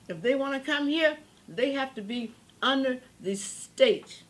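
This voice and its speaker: Rambling high-voiced older woman. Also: slow pace. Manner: rambling, emphatic, preachy. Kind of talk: impassioned political monologue.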